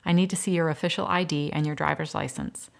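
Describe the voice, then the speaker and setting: A man's voice: on the high side, steady tone, fast talker, vocal fry. A woman reading the lines of a male nurse, polite and businesslike. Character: brisk young male nurse.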